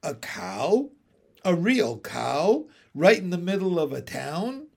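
A man's voice: high-pitched, very animated, takes it slowly, vocal fry, darkish tone, full character voice. A man voicing an anxious little girl with earache, in a plaintive, pleading way in a storybook reading. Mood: eager.

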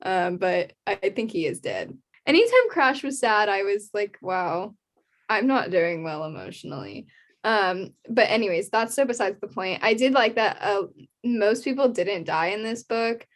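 A woman's voice: medium pitch, sing-song, moderate pace. A young woman in a casual book chat, gushing and laughing often, with lots of fillers.

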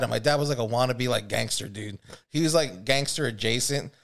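A man's voice: medium pitch, brisk, creaky, a bit bright. A man hosting a podcast, telling a story in a casual, rambling, profane way, full of filler words. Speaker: podcast host.

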